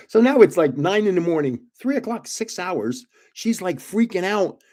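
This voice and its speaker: A man's voice: high-pitched, expressive, measured pace, darkish tone. An older man, host of a card-collecting stream, telling meandering family stories in a casual way and chuckling at himself. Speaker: host of a trading card livestream. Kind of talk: rambling casual storytelling.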